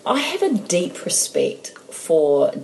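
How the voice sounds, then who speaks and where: A woman in a casual chat with a low voice who speaks very slowly and in a measured way. Faint background noise runs under her. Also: big pitch swings, vocal fry, warm tone, low-quality recording.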